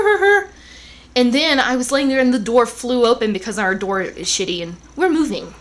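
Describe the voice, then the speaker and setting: A young woman talks casually to her camera from a living room at home. Her voice sits a little high, and she rambles with quick asides. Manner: chatty, rambling, animated with asides. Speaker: vlogger.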